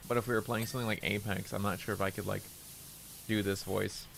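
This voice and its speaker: A man casually chatting on a game stream, speaking in a relaxed, low-key and unexpressive way, deliberately keeping his voice in a lower register. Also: vocal fry, slight background noise. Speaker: livestreamer.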